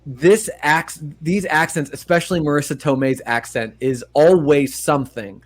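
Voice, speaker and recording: A man with a slightly raised pitch talks in a loose, animated way. He co-hosts a casual podcast, slipping into bits of acting and laughing often. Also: normal speed. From Long Island, New York. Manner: animated, acts out movie quotes with laughter, swears a lot. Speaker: podcast co-host. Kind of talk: casual chat.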